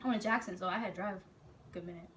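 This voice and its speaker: A young woman telling a story in a casual, animated way, swearing freely and acting out what people said. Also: mid-range voice, very fast, a little hiss or hum. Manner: animated, profane, acts out quotes.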